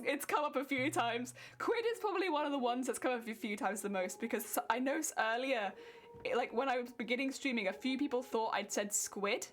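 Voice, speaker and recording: Giggly British woman streamer. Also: on the high side. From Britain. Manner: giggly, chatty, answers chat readers. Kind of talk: casual chat with live chat.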